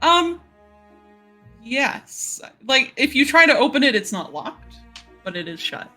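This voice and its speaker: A woman narrating as game master of a tabletop game, unhurried, with many fillers and frequent laughs. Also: high voice, sing-song, bright, forceful tone, faint music behind.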